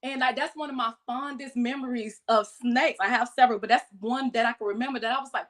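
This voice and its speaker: A woman, a podcast guest casually telling animated stories about keeping exotic pets and acting out quoted voices. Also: high-pitched, fairly quick, few pauses. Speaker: guest, exotic pet keeper. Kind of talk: casual storytelling chat.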